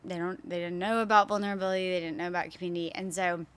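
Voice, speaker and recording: A woman's voice: lowish voice, steady tone, racing, clear, resonant tone. A woman interviewer and counselor in a casual interview, encouraging and affirming.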